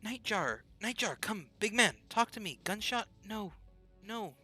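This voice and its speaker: A man's voice: sits high, lively intonation, measured pace, pushed and bright, husky, faint music behind, pitched above the performer's own voice, exaggerated voice. A man doing a shrieking young orc girl. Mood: panicked. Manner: frantic shrieking. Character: panicked young female orc runner.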